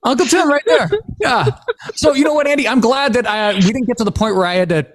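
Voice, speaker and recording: A man's voice: very high-pitched, fast talker. A man co-hosting a podcast, telling family stories in a casual chat and laughing often. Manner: animated storytelling, laughs often. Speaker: podcast co-host.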